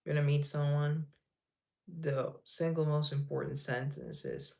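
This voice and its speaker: A man's voice: a little high, steady tone, unhurried, creaky, darkish tone. A man hosting a casual livestream, reading viewer comments aloud and rambling in a laid-back way, laughing at himself. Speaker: livestream host.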